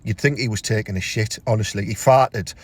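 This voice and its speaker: A man's voice: steady tone, brisk, husky, no room sound. Ranting Teesside man, crude comic. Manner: crude, ranting, swears freely, big pitch jumps when outraged. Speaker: comedian. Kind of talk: comic character rant to camera.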